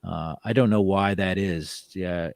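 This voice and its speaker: A man's voice: low-pitched, fairly even intonation, a little slow, gravelly, no echo, clean studio sound. A man hosting a live call-in talk show, rambling casually with lots of fillers. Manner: rambling, filler-heavy, easygoing. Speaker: host.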